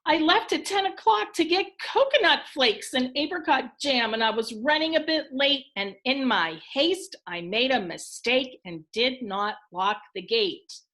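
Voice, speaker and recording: A worried, flustered woman neighbor from a children's storybook, talking high and anxious about her missing dog, as a teacher reads her aloud. She speaks slowly, and the bright tone keeps the story easy to follow. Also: lively intonation.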